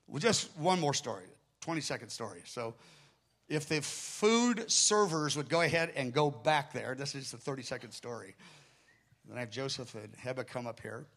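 A man's voice: mid-range voice, normal speed. A middle-aged man preaching a sermon through stories, acting out the people in them, with rambling asides and corrections. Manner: animated, acts out the people in his stories. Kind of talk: storytelling sermon.

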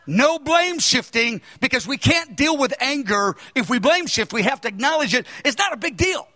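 A man in his sixties preaching a sermon, earnest and emphatic, now and then raising his voice to a shout. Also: extremely high pitch, lively intonation, normal speed, big-room sound.

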